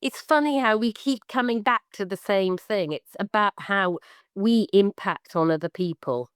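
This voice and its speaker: Lively woman, smooth voice. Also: moderate pace, no room sound, clean studio sound. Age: middle-aged. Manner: animated, acts out quoted voices with big pitch jumps. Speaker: podcast co-host, artist. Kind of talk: casual podcast chat.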